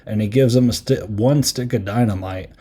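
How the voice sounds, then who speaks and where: A man's voice: fairly low pitch, moderate pace, warm tone, slightly rough. A man hosting a podcast, casually reviewing a film in a rambling way, with lots of fillers and acted-out quotes.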